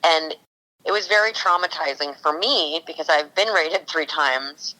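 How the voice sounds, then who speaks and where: A woman's voice: sits low, measured pace, pushed and bright, rough recording. A woman working as a cannabis consultant for a TV show, talking enthusiastically in a casual podcast interview. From California. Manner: enthusiastic, storytelling.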